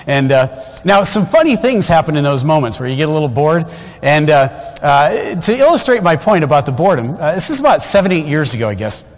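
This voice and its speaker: A man's voice: fairly high pitch, very animated, a little fast. A man in his fifties preaching a storytelling sermon, folksy and conversational, with frequent asides to the congregation. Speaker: guest preacher. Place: large church sanctuary. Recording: long church hall reverb.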